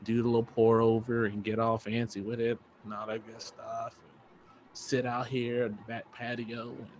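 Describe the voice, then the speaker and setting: A man chats easily on a podcast from his back patio at night, rambling and restarting his sentences. His voice sits at an ordinary middle pitch, and a faint background noise hangs behind it. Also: completely flat delivery, moderate pace, dull audio. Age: young adult to middle-aged father. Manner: laid-back, rambling with many fillers and restarts. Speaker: podcast co-host. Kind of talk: casual chat.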